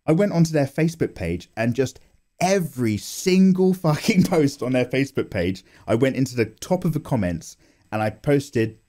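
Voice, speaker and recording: A young man talks through his drawing session in casual chat, his pitch jumping all over as he gets worked up. His tone is soft and mellow rather than sharp. He is self-mocking and quick to swear and laugh, recorded close on a condenser mic at home. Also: lively intonation. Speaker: art YouTuber. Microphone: condenser microphone.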